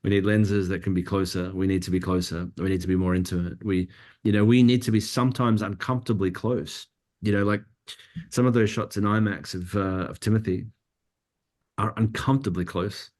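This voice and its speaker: A man with a notably low voice answers interview questions in an easygoing, conversational way. He thinks out loud, doubling back on his words as he goes. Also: fairly quick. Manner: relaxed, thinking aloud with many restarts. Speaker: cinematographer guest.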